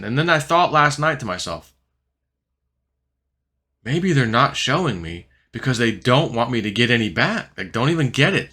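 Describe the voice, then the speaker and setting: A man's voice: mid-range voice, very animated, moderate pace, bright, forceful tone. A man vlogging about crypto in a rambling, casual monologue full of fillers. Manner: rambling, filler-heavy, restless talk.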